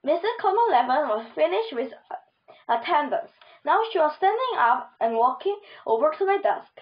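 A woman narrating a children's storybook in the first person, with lively, expressive telling. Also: sits high, moderate pace. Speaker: audiobook reader. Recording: dull lo-fi recording.

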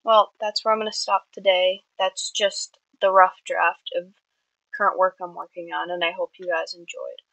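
A woman's voice: fairly low pitch, level tone, normal speed, fairly bright tone, no room sound, poor audio. A woman reading her own story aloud, with small slips and self-corrections. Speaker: amateur writer.

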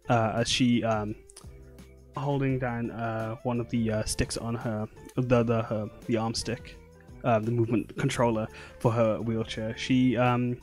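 Dungeon master, man, mid-pitched, rambling narration. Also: level tone, unhurried, darkish tone, faint music behind. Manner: rambling, full of fillers. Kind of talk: narrating a tabletop game.

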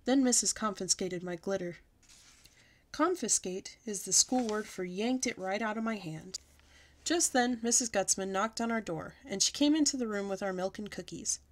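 Woman storyteller, expressive read-aloud of a children's book. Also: medium pitch, moderate pace. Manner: lively, expressive storybook reading.

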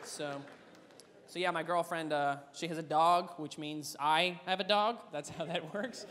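A man doing a stand-up comedy set, rambling and swearing with animated energy on a comedy club stage. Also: a little high, unhurried, a little hiss or hum. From Canada. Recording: echoey club with audience laughter.

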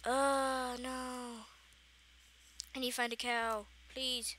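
A woman's voice: fairly high pitch, level tone, slow pace, noisy background. A woman casually commenting on her own survival game, chatty and playfully exasperated, talking to herself as she plays. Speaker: gaming channel host. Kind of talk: casual Minecraft let's play commentary.

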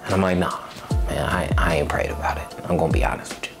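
Deep-voiced young man telling his story. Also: fast talker, vocal fry, music in the background. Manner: animated retelling, acts out his own past voice. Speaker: storyteller sharing a personal testimony. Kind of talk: personal storytelling.

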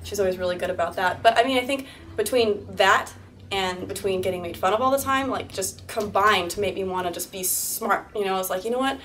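A young woman in her twenties appears as a guest at an interview-style talk before a live audience in a university lecture room. She speaks candidly and fairly quickly in a medium-pitched, rather bright voice, laughing often and acting out quoted lines. The mic is distant, picking up faint room noise.

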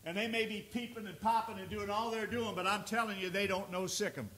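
A man's voice: high voice, steady tone, brisk, fairly bright tone. A male pastor preaching a sermon, reading scripture aloud and building emphasis. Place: church sanctuary. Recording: echoey church room with faint noise.

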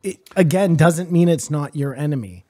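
A man's voice: fairly high pitch, expressive, normal speed, warm tone. A man co-hosting a comedy podcast, cutting in with mock-serious questions and crude jokes. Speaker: podcast co-host.

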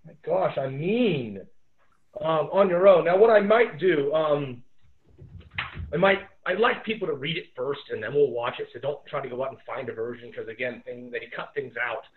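A male teacher talks through a remote lesson in a loose, rambling way, pausing for plenty of ums. The sound is thin and phone-like, as if heard over a call. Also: fairly high pitch. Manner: relaxed, rambling, many fillers. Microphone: video call. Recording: tinny phone-like audio.

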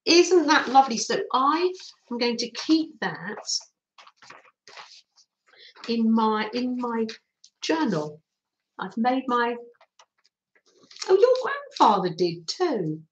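A woman's voice: fairly high pitch, big pitch swings, slow, pauses often, roomy sound, a little hiss or hum, rough recording. A middle-aged woman, hosting a chatty live craft stream and greeting her viewers cheerfully. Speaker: craft livestream host.

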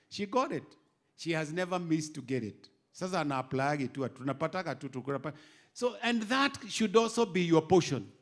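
A middle-aged Kenyan bishop preaching an animated sermon, moving from quiet asides to loud exhortation. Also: male voice, sits high, normal speed. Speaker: bishop and pastor.

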